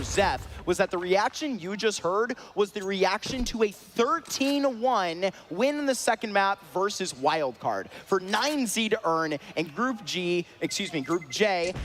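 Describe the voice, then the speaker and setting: A man's voice: high voice, fairly bright tone. Chatty male esports commentator. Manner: chatty, joking banter with co-caster. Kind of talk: live game commentary. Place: live esports event venue.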